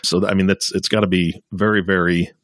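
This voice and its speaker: A man's voice: low-pitched, little pitch movement, quick pace, fairly bright tone, no room sound, clean studio sound. A man co-hosting a podcast, interviewing in a jokey, friendly way and often repeating words. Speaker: podcast co-host.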